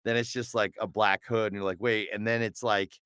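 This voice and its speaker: A man's voice: on the low side, level tone, brisk, fairly bright tone, smooth, no room sound, studio quality. A middle-aged man, a voice actor, chatting as a guest in an interview with lots of fillers and restarts. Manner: rambling and hesitant, with many fillers and restarts. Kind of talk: casual interview chat.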